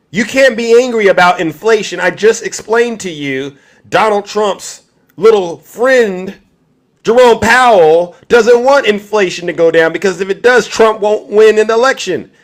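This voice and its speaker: A man with a fairly high voice runs a livestream and rants about politics. He speaks straight to the viewers in his chat, angry and insistent throughout. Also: a bit bright. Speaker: livestream host. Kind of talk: heated political commentary.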